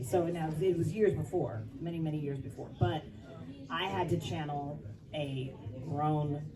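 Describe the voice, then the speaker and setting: Woman, voice actress, animated panel talk, low voice, distant mic, crowd behind. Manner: animated, expressive storytelling. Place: convention hall. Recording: from far off, over crowd noise.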